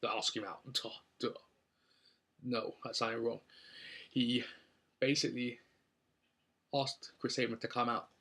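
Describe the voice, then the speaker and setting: A man's voice: medium pitch, little pitch movement, a little slow, long pauses, bright, forceful tone. A young man from London with a London accent, casually recapping a wrestling show with lots of ums and likes. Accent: London English. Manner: rambling, upbeat, many ums and likes.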